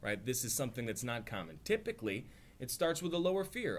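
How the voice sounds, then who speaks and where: A man's voice: medium pitch, very animated, quick pace. A man teaching an informal religious study class, talking conversationally, acting out quotes with a lifted voice and often checking in with "right?". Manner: conversational, acts out quotes with rising voice, frequent "right?".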